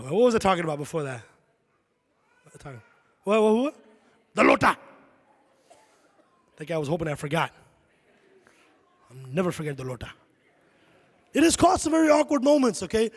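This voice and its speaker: A middle-aged man doing a stand-up comedy set in a large concert hall, animated and shouting his punchlines. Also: high voice.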